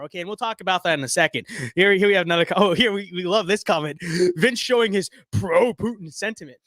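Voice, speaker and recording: A man's voice: sits high, expressive, quick pace, few pauses, a bit bright, dry recording, clean studio sound. A man ranting on a live stream, reading chat comments aloud with heated sarcasm and frequent restarts.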